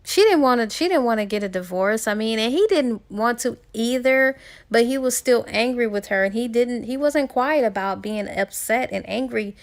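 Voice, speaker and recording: A woman's somewhat high voice with a noticeable gravelly fry runs through this casual book review. She retells the plot in a loose, chatty storytelling way, full of fillers and false starts. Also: animated, normal speed.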